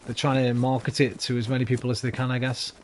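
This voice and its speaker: A man's voice: medium pitch, little pitch movement, quick pace, slight background noise. A tired man chatting and rambling casually to his viewers while streaming a game. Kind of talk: casual live-stream chat while gaming.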